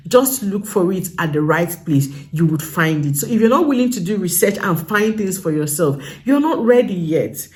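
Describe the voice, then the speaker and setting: A woman's voice: on the low side, expressive, normal speed, hardly any pauses, darkish tone. A young adult woman with a Nigerian English accent, giving casual advice in a vlog and driving home her points with emphatic repetition. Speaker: vlogger.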